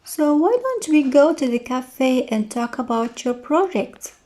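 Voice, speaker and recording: A woman's voice: high voice, expressive, unhurried, warm tone. A woman doing an eager young woman.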